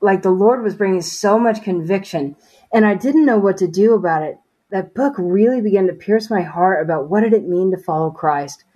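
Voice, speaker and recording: A woman's voice: mid-range voice, moderate pace, warm tone, breathy edge. Earnest woman sharing a faith testimony. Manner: earnest, conversational, many fillers. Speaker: interview guest.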